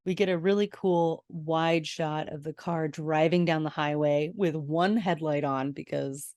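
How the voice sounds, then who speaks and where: A woman with a low, deep-set voice hosts a rewatch podcast, retelling an episode scene by scene. She reacts out loud as she goes, gasping and exclaiming. The sound is close and dry, with no room around it. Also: unhurried, no room sound. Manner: expressive, gasps and exclaims while retelling. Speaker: podcast host. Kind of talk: episode recap.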